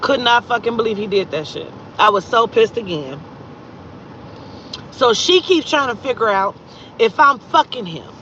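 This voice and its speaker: A woman casually telling a story from her own life, swearing constantly and breaking into loud, exasperated outbursts. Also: fairly high pitch, moderate pace, highs cut off, a little hiss or hum. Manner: profane, animated retelling with loud exasperated outbursts.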